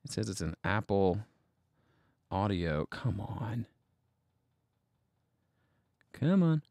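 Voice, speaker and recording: A man's voice: sits low, steady tone, takes it slowly, gravelly, very noisy. A man hosting a casual livestream from his home studio, rambling and thinking aloud as he troubleshoots, with self-deprecating asides. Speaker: livestream host.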